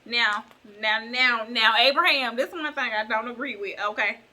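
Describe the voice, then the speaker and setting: A woman's voice: on the high side, normal speed, sharp tone. A woman vlogger retelling a bible story in a chatty, slangy, digressive way.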